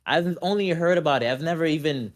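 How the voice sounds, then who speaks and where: A man, a streamer guest on a casual podcast, talking in an animated, rambling way and often saying "you know what I mean". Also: a little high, fast.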